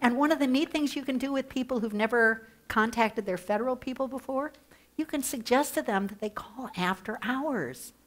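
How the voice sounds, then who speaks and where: A woman leading an advocacy training workshop, talking with playful humor and mock excitement through a headset mic. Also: on the high side, moderate pace. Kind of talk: workshop presentation. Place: training room.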